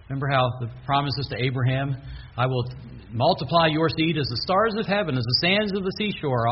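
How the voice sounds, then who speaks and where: A man's voice: a little high, a little fast. A man preaching a sermon, earnestly reading scripture aloud with emphasis. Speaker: pastor. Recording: dull lo-fi recording, faint hiss.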